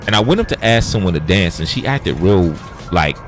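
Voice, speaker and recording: Deep-voiced blunt male streamer. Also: animated, brisk, soft background music. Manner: blunt, profane, retelling arguments in dialogue. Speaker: livestream host. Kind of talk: casual livestream storytelling.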